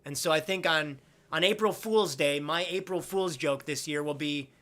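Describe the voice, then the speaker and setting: Reading viewer comments aloud at a moderate pace, a young man chats loosely on his live stream in a bright, forceful, fairly high voice. His talk rambles and gets blunt, with casual swearing mixed in.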